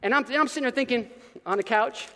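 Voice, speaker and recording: A male pastor preaching a sermon in an energetic, casual way with slang, now and then breaking into shouts. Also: extremely high pitch, fast talker, long reverb tail.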